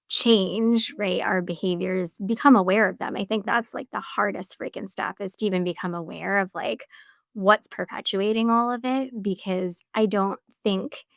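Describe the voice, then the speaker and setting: Woman, podcast host, chatty, casual fillers, gravelly fry, dry close mic. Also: medium pitch, no room sound. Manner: chatty, lots of "like" fillers, animated asides.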